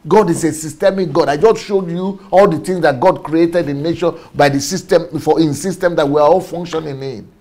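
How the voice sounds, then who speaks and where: Husky man, passionate talk on faith, emphatic repeats, frequent chuckles. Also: fairly high pitch, normal speed, few pauses, a little mellow. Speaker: speaker on faith and systems. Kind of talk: passionate preaching-style talk.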